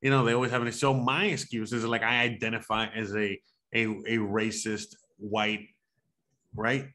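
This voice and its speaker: A man streaming a game, chatting casually with loud, crude joking and plenty of swearing. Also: lowish voice, flat delivery, normal speed. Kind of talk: casual gaming chat.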